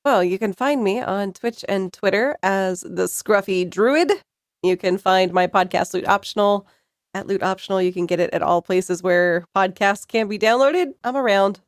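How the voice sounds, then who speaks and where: A giggly woman guest, her voice a little hoarse from a convention. She chats cheerfully into a dry, close mic. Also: medium pitch, moderate pace, dry recording. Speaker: podcast guest, voice artist. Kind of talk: casual chat.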